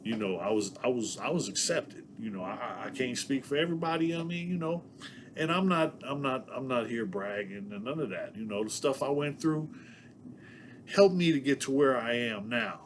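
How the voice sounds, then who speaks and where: A man's voice: mid-range voice, expressive, a little fast, noisy background. A man from San Diego telling stories to camera in a casual, rambling way, packing his talk with fillers and laughing between thoughts. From Southeast San Diego, California. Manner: rambling, packed with "you know what I'm saying". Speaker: vlogger telling prison stories.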